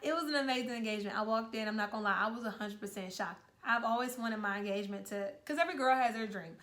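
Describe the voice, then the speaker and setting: A woman's voice: a little high, fast, fairly bright tone. A young woman co-hosting a casual couch chat, talking in a chatty, teasing way. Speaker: co-host of couple's channel.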